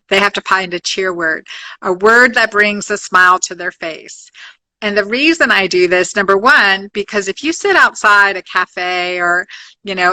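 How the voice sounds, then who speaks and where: A woman's voice: mid-range voice, bright, forceful tone, poor audio. A middle-aged woman physician, a guest in a podcast interview, talking upbeat and often restarting her sentences as she lists her points.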